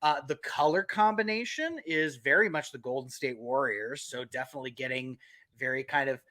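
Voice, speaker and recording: A man's voice: medium pitch, a little fast, bright, forceful tone. A man co-hosting a sports podcast, chatting casually, laid-back and laughing often, cursing freely. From California. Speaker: podcast co-host.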